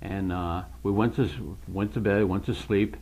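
A man giving an emotional personal religious testimony, halting and repeating himself, near tears. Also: low voice, steady tone, a little mellow. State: tearful. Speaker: testimony speaker.

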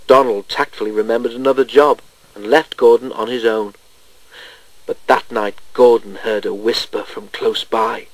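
A man's voice: mid-range voice, steady tone, normal speed, dry recording, low-quality recording. Man reading a storybook aloud.

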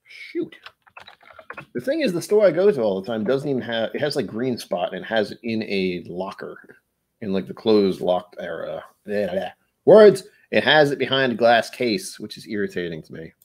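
Husky, animated man rambling over whiskey. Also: on the low side, moderate pace. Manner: rambling, playful, breaks into humming and silly noises. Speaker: whiskey tasting streamer. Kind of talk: casual live-stream tasting chat.

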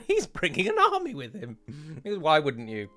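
As his strategy battle falls apart, a British gameplay commentator swears liberally, clearly fed up. His somewhat high voice has a sharp edge, swings hugely in pitch, and moves at a moderate pace.

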